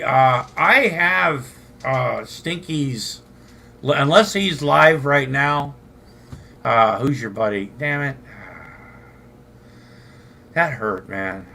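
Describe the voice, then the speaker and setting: A man's voice: mid-range voice, vocal fry, sharp tone. An older man from Southern California hosting a late-night livestream, rambling profanely and answering his chat. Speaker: livestream host.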